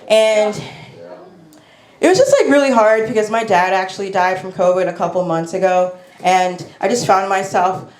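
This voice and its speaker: Stand-up woman, rambling, self-deprecating, mid-pitched voice, echoey club room. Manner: rambling, self-deprecating, lots of fillers and likes. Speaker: stand-up comedian. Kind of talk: stand-up comedy set. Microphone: lapel mic.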